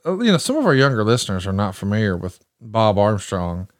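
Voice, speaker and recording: A man's voice: fairly low pitch, very animated, fairly quick, no room sound, studio quality. A man hosting a casual chat, telling listeners old stories with enthusiasm. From American South. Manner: informative, storytelling, enthusiastic. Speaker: podcast host.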